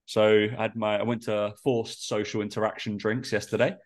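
A man's voice: lowish voice, little pitch movement, normal speed. A man with a nasal, congested voice, a personal trainer chatting casually on a podcast in a rambling way full of fillers.

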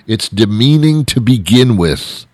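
A man's voice: medium pitch, expressive, measured pace, darkish tone, dry recording. A man delivering an exasperated, comic rant with lots of repetition and restarts. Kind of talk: ranting monologue.

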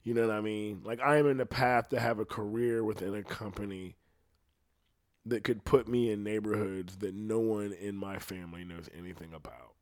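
A man's voice: fairly low pitch, steady tone, moderate pace, dry recording, clean studio sound. A young man hosting a podcast, talking in a casual, profane, rambling way and laughing at himself now and then. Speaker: podcast host.

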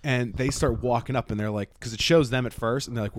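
This podcast co-host has a medium-pitched voice and a brisk delivery, recorded with no echo. On a casual comedy show, he tells stories with animation and acts out the voices of the people in them.

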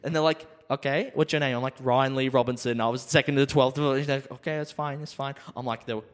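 A man on a podcast, telling a drunken travel story in a lively way, swearing a lot and acting out the other people's voices. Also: medium pitch, fast talker, big-room sound. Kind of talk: casual storytelling.

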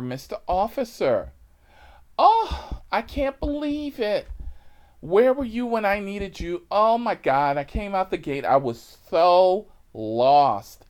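A man's voice: high voice, voice pushed up, exaggerated voice. A man voicing a flamboyant male airport passenger who gushes and squeals with breathless praise.

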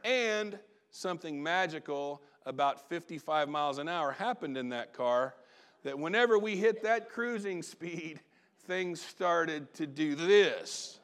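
Middle-aged male pastor with a high voice, telling a story from the pulpit, lively with sudden quiet asides. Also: measured pace, clear, resonant tone. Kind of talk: sermon storytelling.

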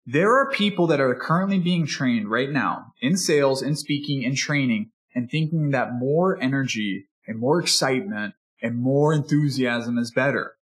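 An energetic, enthusiastic man teaching as a speaking coach in a motivational podcast talk, sometimes acting out a customer and a salesperson. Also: mid-range voice, normal speed, hardly any pauses. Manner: energetic and enthusiastic, animated delivery; acts out customer and salesperson dialogue.

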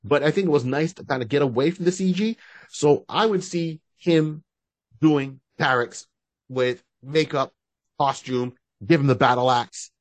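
With a fairly high pitch and a measured pace, the man co-hosts a podcast, and there's no echo. He talks casually and at length about fan-casting, frequently starting his sentences over.

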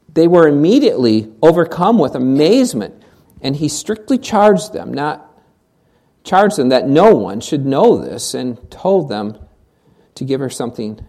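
A preacher delivers a sermon in a mid-range voice, posing question after question to the congregation. Words get doubled as they restart a thought, and the voice often sinks to a hushed, near-whisper to drive a point home. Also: mid-range voice. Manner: rhetorical questions, repeats words when restarting. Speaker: pastor.

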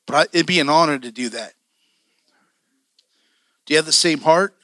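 A man preaching a passionate sermon as a church elder, telling stories and acting out his own excitement. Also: on the high side, moderate pace, no room sound, clean studio sound.

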